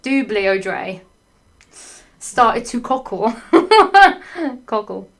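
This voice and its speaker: A woman giving a comedic read-through of a story, stopping for sarcastic, sweary comments and bursts of laughter. Her voice sits a bit high, and she takes her time, drawing words out slowly. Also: big pitch swings, fairly bright tone. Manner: clears her throat often. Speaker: fanfiction reader. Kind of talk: comedic dramatic reading.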